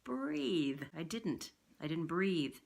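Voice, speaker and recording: A woman who works as a voiceover artist, talking casually to camera as she gives communication tips and shows vocal warm-ups. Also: lowish voice, normal speed. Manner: lively, chatty, demonstrative. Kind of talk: direct-to-camera tips video.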